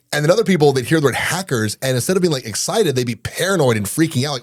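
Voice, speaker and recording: A man's voice: mid-range voice, no room sound, studio quality. A man in his forties, a business owner guest telling stories in a casual interview and acting out quoted dialogue. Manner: fast, animated, acts out quoted dialogue.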